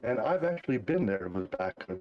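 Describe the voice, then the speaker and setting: An older American man co-commentating a race over voice chat, relaxed and hesitant with fillers. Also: on the low side, quick pace, muffled recording. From United States. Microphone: remote voice chat mic.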